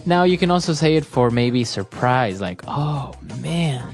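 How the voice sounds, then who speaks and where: A woman's voice: a bass voice, expressive, moderate pace, a little mellow, soft background music. A woman hosting an English lesson podcast, explaining phrases steadily with frequent agreeing fillers. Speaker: English teacher and podcast host.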